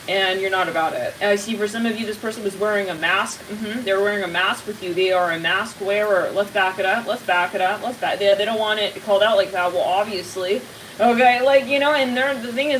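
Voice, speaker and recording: A woman's voice: mid-range voice, a little fast, a bit bright, far from the mic, poor audio. A woman talking her way through a tarot reading for her viewers, rambling and cutting herself off, then blunt and swearing. Her voice sits a little back from the mic. A faint hiss hangs under it. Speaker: tarot reader. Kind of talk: casual psychic tarot reading to camera.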